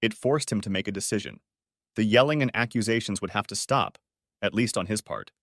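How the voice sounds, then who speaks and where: A man narrating an audiobook story in a measured, scripted reading. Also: fairly low pitch, lively intonation, a bit bright, no echo, clean studio sound.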